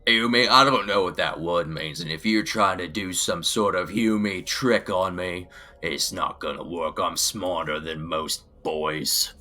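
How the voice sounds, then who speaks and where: A man's voice: sits low, measured pace, pushed and bright. A man voicing a boastful ork pirate admiral in a put-on Cockney accent, with slangy, broken grammar. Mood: gruff.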